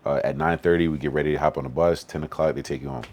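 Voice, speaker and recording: Very deep-voiced fast-talking man. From Western Massachusetts. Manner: fast, animated storytelling with slang. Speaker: podcast guest, event organizer. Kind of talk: casual podcast conversation.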